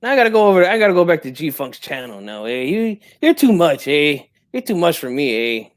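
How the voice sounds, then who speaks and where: A man's voice: on the high side, big pitch swings, fairly quick. A man doing a comic impression of a tipsy, proud older boxing father who tags nearly every phrase with "eh?" and drops Spanish slang. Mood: wounded, tipsy. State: drinking, tipsy.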